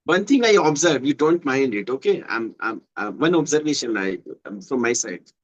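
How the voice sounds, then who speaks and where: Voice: medium pitch, expressive, normal speed, highs cut off. A speaker with an Indian English accent explaining earnestly in casual conversation practice, repeating points. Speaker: conversation partner.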